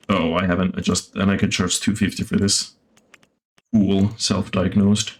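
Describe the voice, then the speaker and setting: Low-voiced man rambling over gameplay. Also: little pitch movement, measured pace. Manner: rambling, many fillers, swears at the game. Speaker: gaming streamer. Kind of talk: casual gameplay commentary. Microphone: desktop mic.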